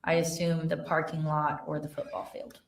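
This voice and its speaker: Low-voiced woman testifying from a distant witness stand. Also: normal speed, creaky. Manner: plain, steady reading with fillers. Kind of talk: courtroom testimony, reading texts aloud. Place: courtroom. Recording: roomy courtroom audio from far off.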